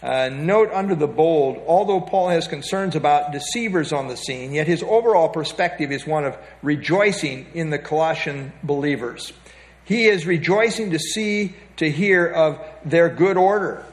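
A man's voice: a little high, normal speed. A man giving an expository Bible lesson, reading from printed notes and stopping often to direct listeners to the page. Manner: reads from notes with frequent fillers and restarts, pointing to the page. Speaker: Bible teacher.

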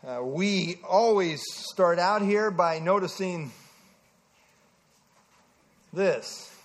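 Man, high-pitched, leading an evening Bible study; casual teaching voice, quizzes the group, lots of "uh" fillers. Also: drawn-out words. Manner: conversational, asks the group questions, frequent "uh" fillers.

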